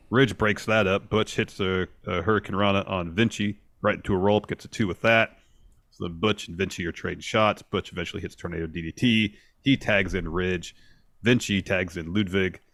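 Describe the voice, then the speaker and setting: A man's voice: low-pitched, fairly bright tone, no echo. A man co-hosting a casual wrestling recap, steadily walking through match moves with dry asides. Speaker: podcast co-host.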